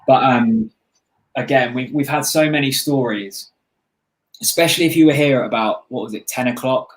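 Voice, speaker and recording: A man's voice: medium pitch, normal speed, rough recording. A tired man co-hosting a casual livestream, chatty and rambling, often breaking off mid-sentence. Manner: rambling, chatty, self-interrupting. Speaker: livestream co-host.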